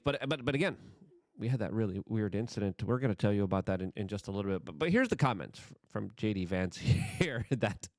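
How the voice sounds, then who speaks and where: An excitable male host delivers political commentary in a lively, swooping voice that rises and falls all over the place. He stumbles over his words and repeats himself as he talks. The sound is dry and close, with no room to it. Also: medium pitch, dry recording.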